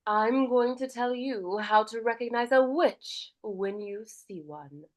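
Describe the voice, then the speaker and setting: A woman voicing an old grandmother warning children about witches, with a deeper voice and stretched vowels. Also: slow. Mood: ominous. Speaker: voice acting student.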